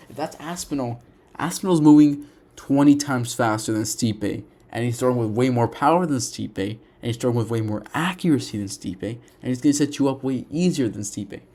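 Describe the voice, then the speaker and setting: A young man talking casually about fighters, animated and repetitive, often restarting his sentences and saying "bro" and "dude". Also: mid-range voice, moderate pace. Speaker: MMA commentator. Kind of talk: casual opinion monologue.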